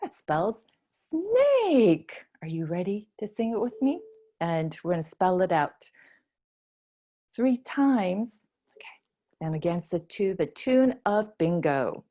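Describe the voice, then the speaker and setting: Animated woman leading preschool storytime. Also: fairly low pitch, unhurried. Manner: animated, gasping, sing-song for small children. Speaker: children's librarian.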